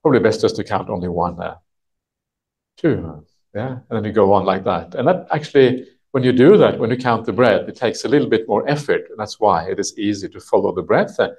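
A man teaching a retreat group as a monk, explaining a text patiently in a halting way full of "uh" and "yeah". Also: lowish voice, expressive, creaky, a little mellow, slightly rough. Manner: halting, thinks aloud, many "uh" and "yeah" fillers. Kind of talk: unhurried dharma talk explaining a text. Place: retreat session with a live audience.

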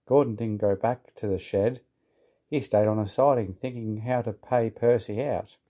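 A man reading a children's storybook aloud in a calm, even manner. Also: on the low side, normal speed.

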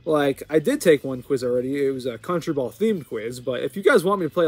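Excitable chatty American man. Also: a little high, a little fast, hardly any pauses, no echo. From United States. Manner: chatty and excitable, rambling, with sudden loud outbursts and laughs. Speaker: gaming channel host. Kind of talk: casual gameplay commentary.

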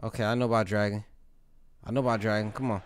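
A man giving loud, trash-talking live commentary while playing a wrestling game. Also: lowish voice, level tone, quick pace, slight background noise. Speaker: gaming channel host.

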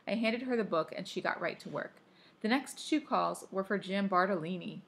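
An audiobook reader narrates a first-person story aloud, tossing in offhand asides of her own. Her voice is medium in pitch, a little fast, and creaky.

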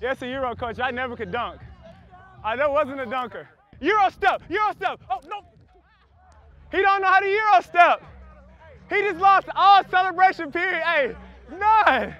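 A young man, a pro football wide receiver, joking and trash talking loudly at practice on a wireless body mic outdoors. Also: very high-pitched, highs cut off. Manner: loud, joking, teasing trash talk. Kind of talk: mic'd up banter at practice.

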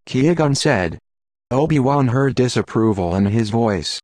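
A man reading an audiobook in a steady, measured narration. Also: mid-range voice, dry recording.

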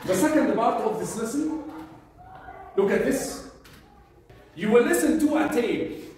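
A man teaching a vocabulary lesson, repeating each word slowly and drilling pronunciation with his class. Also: extremely high pitch, animated, a little mellow. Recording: echoey room, mic far off.

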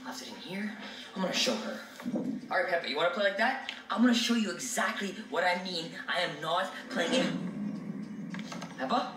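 A man's voice: high voice, animated, fairly quick, sharp tone, a little hiss or hum. Guy doing a spooky vlog, keeps talking to the viewers, kinda far from the mic, echoey room with music going. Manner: jumpy, addresses viewers as guys. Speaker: video creator. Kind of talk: scripted haunted-doll vlog. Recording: roomy, distant, music underneath.

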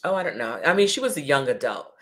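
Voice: mid-range voice, very animated, fast, a bit bright. An older host and career counselor, speaking in a reflective, conversational way on an interview show.

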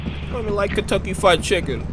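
A man's voice: sits high, expressive, quick pace. A man hosting a gaming video in casual voice chat, often startled and firing off frantic repeated questions. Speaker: gaming YouTuber host. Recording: noisy game capture.

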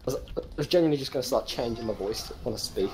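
A man's voice: mid-range voice, quick pace, a little mellow, low-quality recording. Crude joking young man, Birmingham accent. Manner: crude, joking, rambling storytelling. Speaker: gamer in voice chat. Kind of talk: casual chat.

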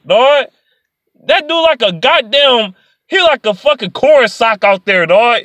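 Man, high pitched, bright and sharp, dry close sound, profane sports rant, mutters then shouts. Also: animated, a little slow, no echo. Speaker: sports vlogger.

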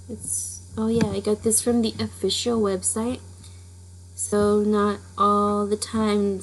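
Slow-talking woman chatting casually. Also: mid-range voice, a little mellow, a little hiss or hum, rough recording. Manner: rambling, with many fillers. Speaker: storytelling channel host. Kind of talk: casual chatty intro to a reading.

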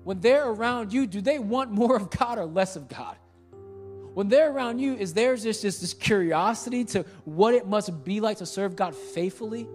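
A male pastor preaching a sermon, firing off rhetorical questions and repeating phrases for emphasis, swinging from quiet earnest stretches to passionate outbursts. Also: high voice, normal speed, faint music behind.

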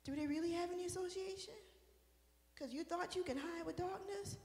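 A woman preacher giving a sermon, chatting and joking with the congregation, then building into sung, shouted passages. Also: very high voice, brisk. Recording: echoey hall with music behind.

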